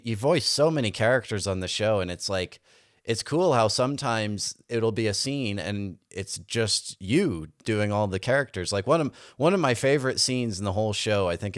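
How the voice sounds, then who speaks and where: A man's voice: lowish voice, no room sound, clean studio sound. A man hosting a casual interview, asking earnest, hesitant questions. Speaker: podcast host.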